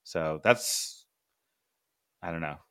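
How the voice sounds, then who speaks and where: A man's voice: extremely low pitch, lively intonation, slow, a bit bright, clean tone, no echo, studio quality. Laid-back man hosting a comedy podcast. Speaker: podcast host. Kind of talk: comedic casual chat.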